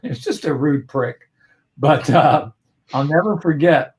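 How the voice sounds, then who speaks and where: A man's voice: fairly high pitch, expressive, slow pace. A man guest on a video-call interview, telling a personal story in an earnest, reflective way with frequent restarts.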